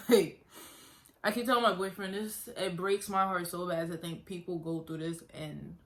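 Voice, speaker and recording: A woman's voice: fairly low pitch, steady tone, normal speed. A young woman earnestly telling her own story in a casual vlog, talking conversationally and repeating herself. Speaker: vlogger.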